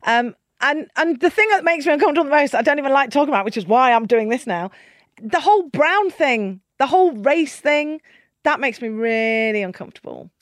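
Woman chatting on a podcast, kinda high voice, laughs a lot, acts out what people said, dry close sound. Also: brisk, no echo. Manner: lively, laughs often, acts out quoted voices. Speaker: podcast guest, keynote speaker. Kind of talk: candid conversational storytelling.

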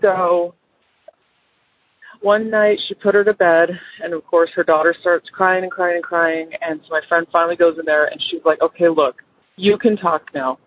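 A woman's voice: on the low side, fairly even intonation, normal speed, slightly rough. A woman caller chattily telling a friend's ghost story over the phone, rambling with fillers and quoting the people in it. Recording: phone line.

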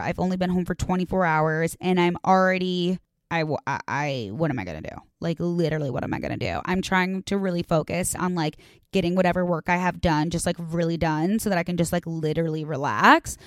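A young woman from the Chicago area talks straight into the mic in a casual confessional monologue, dramatic and chatty, peppered with "like" and swearing. Her voice sits slightly low for a woman. The sound is close and dry, with no room around it. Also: a little mellow, dry recording. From Chicago area, USA. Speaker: podcast host. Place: home, a condo.

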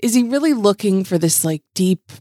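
A woman's voice: mid-range voice, expressive, moderate pace, warm tone, dry recording, studio quality. A woman co-hosting a podcast, chatting animatedly and swearing, often trailing off mid-thought. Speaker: podcast co-host. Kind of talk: casual chat recapping a reality show.

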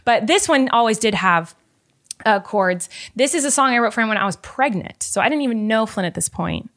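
A young woman and mother chatting casually about songs she wrote for her son. She talks quickly and emotionally and often laughs at herself. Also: a little high, expressive, fairly bright tone. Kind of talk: casual chat. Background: ukulele.

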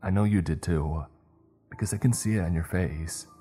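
A man's voice: low-pitched, normal speed, warm tone, faint music behind, natural voice. A man voicing an anxious teenage boy who pleads and insists through tears in a spoken horror story. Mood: tearful pleading.

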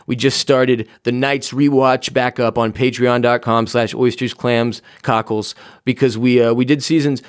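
A man's voice: medium pitch, smooth, no echo, clean studio sound. A man hosting his own podcast alone, rambling casually and jokingly with plenty of swearing from his home office. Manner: rambling, profane, jokey. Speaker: podcast host. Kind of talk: casual solo podcast outro.

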